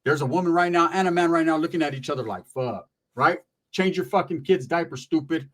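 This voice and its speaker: A middle-aged man with a fairly high-pitched voice tells a story in a loose, conversational way. His speech is thick with street slang and swearing. He hammers his points with emphatic asides. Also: fast talker, fairly bright tone. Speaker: channel host. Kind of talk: casual storytelling commentary.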